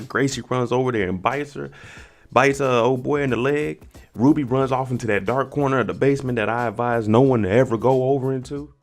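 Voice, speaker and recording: A man's voice: mid-range voice, fairly quick, gravelly. A man giving a casual, slangy recap of a TV episode and reacting to each scene as he goes. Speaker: TV recap vlogger.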